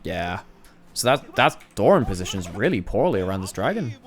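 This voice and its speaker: A man's voice: lowish voice, sing-song, a little fast, faint music behind. A man giving a casual, thinking-aloud commentary review of a recorded esports match, restarting phrases as he analyzes plays.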